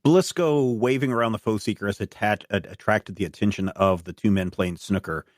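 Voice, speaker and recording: A man narrating as game master of a tabletop game, rambling with many pauses and fillers. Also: fairly low pitch, dry recording. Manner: rambling, many "uh"s and restarts while describing.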